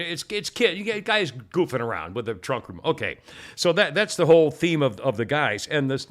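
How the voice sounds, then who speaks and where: A man's voice: mid-range voice, fairly bright tone. A middle-aged man hosting a podcast, telling stories in a rambling, self-interrupting way and laughing often. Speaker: podcast host. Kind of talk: casual rambling chat.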